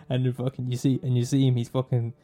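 An Irish man hosts a podcast, recommending films in a casual, rambling monologue where he swears, laughs and teases his listeners. His mid-range voice is monotone and dark in tone, and he talks fairly quickly.

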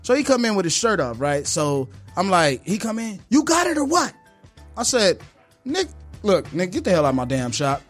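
A barber telling a story in casual chat, animated, acting out the people in it, slangy and profane. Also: male voice, sits high, moderate pace, faint music behind. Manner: animated, acts out voices in his story; slangy, profane street talk.

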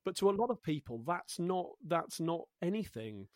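A man's voice: high voice, very animated, moderate pace, no echo, clean studio sound. A man in his thirties from Coventry, a guest chatting thoughtfully in an interview, searching for words and joking at his own expense. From Coventry, England. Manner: thoughtful, searching for words, self-deprecating humor. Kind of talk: casual conversational interview.

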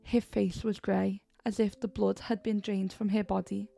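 A woman hosting a podcast, narrating a horror story in a steady, measured way. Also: mid-range voice, creaky, soft background music. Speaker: podcast host and story reader.

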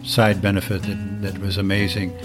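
Man guest, lowish voice, kinda halting and relaxed, guitar music behind. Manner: easygoing, a little halting with fillers. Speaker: guest performer. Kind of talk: casual interview answer.

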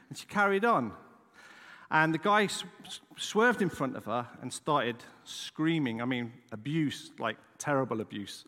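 A man's voice: mid-range voice, sharp tone. A middle-aged male pastor telling a story in a sermon, chatty and self-deprecating. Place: church. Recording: long reverb of a church hall.

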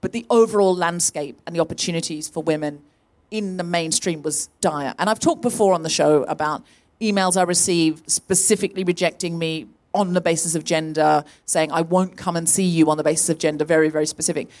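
Woman co-host, live comedy podcast storyteller, animated, does the voices in her anecdotes. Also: on the low side, fairly quick. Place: live venue stage.

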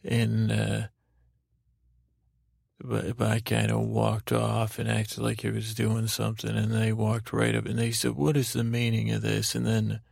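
A man with a very gravelly, creaky voice drifts through an improvised bedtime story, stumbling over words and circling back. The recording is close and dry, with no room sound. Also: monotone, a little mellow, no room sound. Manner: meandering, halting, lots of fillers and restarts; drowsy, low-key storytelling. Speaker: podcast host. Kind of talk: rambling improvised sleep story.

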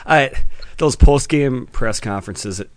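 A man's voice: mid-range voice, unhurried, darkish tone, no room sound. A man with a Minnesotan accent in a casual podcast chat, blunt, swearing freely and laughing often.

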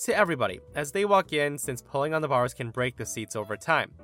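A male podcast host reading internet stories aloud with an animated, expressive delivery. His voice is bright and sits a little high, and it swings widely in pitch. Soft music plays faintly underneath. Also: a little fast. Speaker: story narrator and podcast host.

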